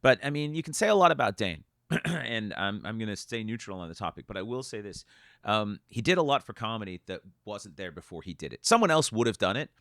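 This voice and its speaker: A middle-aged man from Canada, a stand-up comedian guest telling animated stories in casual podcast chat. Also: fairly low pitch, gravelly, no echo, clean studio sound. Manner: fast-talking, animated storyteller.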